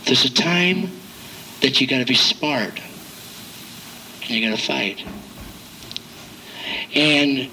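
A man's voice: high-pitched, pushed and bright, a little hiss or hum, low-quality recording. An older man, a pastor, preaching a folksy sermon, cracking jokes and acting out quotes from his flock. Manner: folksy, jokey preaching with acted-out quotes and chuckles.

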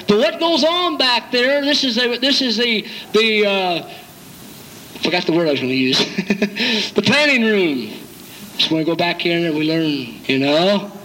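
A man's voice: high-pitched, fairly bright tone, slight background noise, rough recording. An older man, a pastor, preaching a folksy sermon, cracking jokes and acting out quotes from his flock. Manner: folksy, jokey preaching with acted-out quotes and chuckles.

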